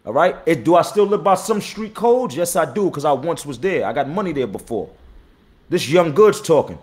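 A man in his thirties, a battle rapper hosting his own live stream. He talks blunt and profane, repeats himself and gives shout-outs to viewers, and says he is tired. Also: fairly high pitch, expressive, normal speed. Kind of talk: casual live-stream talk.

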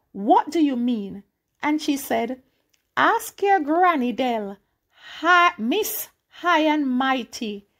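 A woman reading a short story aloud in a childlike, pleading first-person telling. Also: high-pitched. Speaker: reader.

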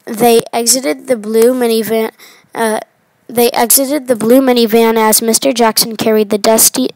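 Lady reading her story out loud, lots of restarts, higher voice, super dry. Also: dry recording, rough recording. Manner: stumbling reading with restarts and fillers. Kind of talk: reading a self-written story aloud.

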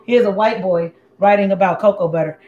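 A sassy woman hosts a casual livestream cooking show from her home kitchen, talking fast in a medium-pitched, mellow voice. She's blunt and chatty and speaks directly to viewers. The recording is muffled and echoey, with faint background noise.

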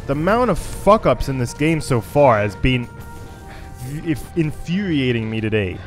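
A man's voice: mid-range voice, sing-song, a little slow, faint music behind. A man giving let's play commentary on a stealth shooter game, frustrated and swearing at it, with chatty asides. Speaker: gaming YouTuber.

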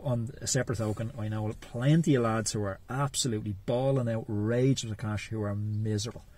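A middle-aged Irish man, a podcast guest, telling animated stories and acting out his inner voices in casual chat. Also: fairly low pitch, brisk. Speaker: podcast guest, cycling coach.

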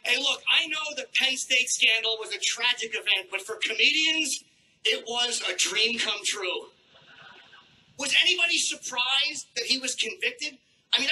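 High, bright-voiced brash stand-up comic. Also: male voice, slight background noise, low-quality recording. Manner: crude, brash and sardonic, with acted-out asides. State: throat trouble, clears his throat often. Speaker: stand-up comedian. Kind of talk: live stand-up set. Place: comedy club stage.

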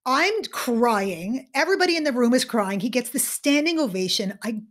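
Dramatic storyteller, a higher-voiced woman. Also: moderate pace. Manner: animated, dramatic, swings between loud and hushed. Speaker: guest, author and keynote speaker. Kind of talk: storytelling in an interview.

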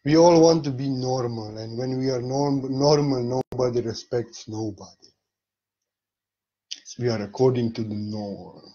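A man's voice: medium pitch, unhurried, warm tone, dull audio. A foreign-accented man, a spiritual teacher, giving a playful, theatrical motivational monologue and repeating words for emphasis.

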